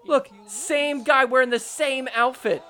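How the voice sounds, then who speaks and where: A man hosts a casual sports recap podcast, talking over match footage. His voice sits high and bright. He gets excitable and jokey, mock-quoting the players as he goes. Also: measured pace.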